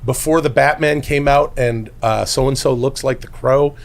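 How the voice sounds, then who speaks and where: A man's voice: medium pitch, steady tone, unhurried. A man co-hosting a comedy podcast, chatting playfully and slipping into silly voices. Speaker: podcast co-host. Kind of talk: casual comedy chat.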